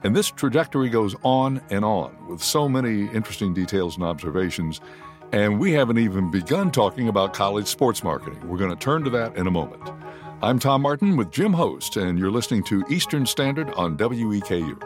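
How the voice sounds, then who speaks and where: A male radio interview host reading measured, prepared summaries to his guest. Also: fairly low pitch, lively intonation, soft background music. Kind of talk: scripted radio introduction.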